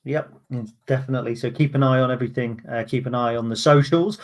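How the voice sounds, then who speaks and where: A chatty man hosts a casual football podcast in a voice of middling pitch. He talks in a loose, self-mocking way and drops in plenty of ums between points. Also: steady tone, fast. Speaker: podcast host.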